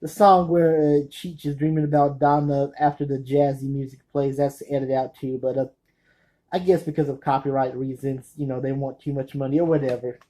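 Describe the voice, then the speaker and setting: A man with a mellow, darkish voice chats about his film collection. His talk is nervous and meandering, full of restarts and quick corrections as he searches for the right word. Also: medium pitch, little pitch movement, low-quality recording. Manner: nervous, rambling, often correcting himself. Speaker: movie collector reviewing his films. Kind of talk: casual spoken review.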